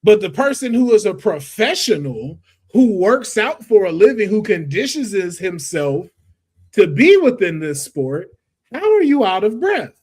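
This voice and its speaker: Animated male podcast host. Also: high-pitched, measured pace, husky. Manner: animated, emphatic, slangy. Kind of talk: casual chat.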